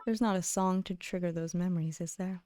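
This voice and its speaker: Giggly woman with a mellow, lowish voice. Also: fairly even intonation, fairly quick. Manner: playful, giggly, teasing; drops to a hushed late-night voice at times. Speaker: game streamer. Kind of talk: casual chat with live viewers.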